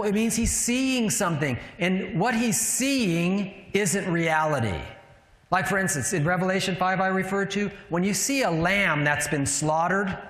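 Male preacher, conversational teaching sermon, slightly high voice, recorded in a reverberant hall. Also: a bit bright. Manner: conversational, asks the room rhetorical questions. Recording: echoey hall with long reverb.

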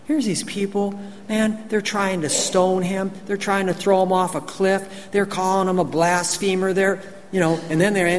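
A man preaching a conversational sermon, folksy and emphatic, often asking the congregation questions. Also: high voice. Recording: long hall reverb, faint ambient noise.

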